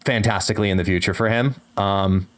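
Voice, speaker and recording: A man co-hosting a podcast in casual chat, earnest and halting with frequent restarts. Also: fairly low pitch, steady tone. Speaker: podcast co-host.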